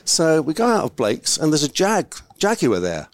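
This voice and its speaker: A man's voice: a little high, normal speed, no echo. An older man, a podcast guest, telling a long rambling anecdote and acting out the voices of the people in it. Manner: rambling, animated, acts out quoted voices. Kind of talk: casual storytelling.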